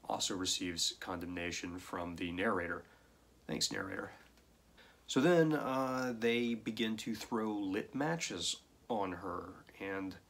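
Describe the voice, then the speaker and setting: A man talks through a film's plot in a casual review, pausing for dry, sardonic asides. His voice sits a little low, and he speaks slowly and deliberately. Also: fairly bright tone. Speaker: film reviewer.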